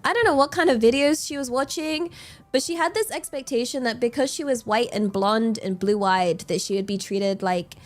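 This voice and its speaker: High-voiced young woman chatting incredulously. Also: normal speed. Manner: incredulous, laughing, loose and rambling with many fillers. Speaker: streamer. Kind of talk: casual chat storytelling.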